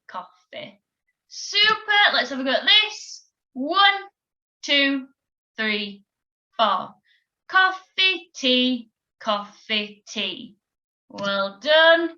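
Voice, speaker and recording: A woman teaching a recorded children's music lesson, giving clear, encouraging instructions and counting beats aloud. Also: fairly high pitch, pushed and bright, highs cut off. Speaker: primary school music teacher.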